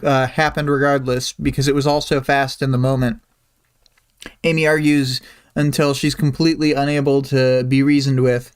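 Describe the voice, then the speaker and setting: A host talking through a chapter on a weekly livestream, rambling and hesitant. The voice is smooth and clear, at an average pitch. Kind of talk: casual chapter discussion.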